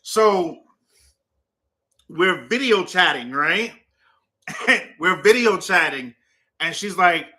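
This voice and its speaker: A man hosts a relaxed talk and tells stories with a playful, teasing edge. His voice is very bright and cutting, pitched somewhat high for a man. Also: measured pace, long pauses. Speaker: host. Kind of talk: casual chat.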